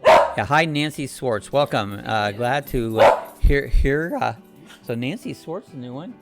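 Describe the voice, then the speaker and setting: Guy hosting a home live chat, gravelly voice, middle pitch, rambling, reads out comments. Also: lively intonation, measured pace, loud music behind the voice. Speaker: live-stream host. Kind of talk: casual live-stream chat.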